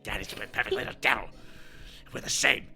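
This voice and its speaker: A man's voice: lowish voice, fairly quick, vocal fry, sharp tone, faint music behind, voice pushed down, heavily acted. A man voicing a murderous male demigod villain with a guttural, wet-sounding growl, taunting and hateful.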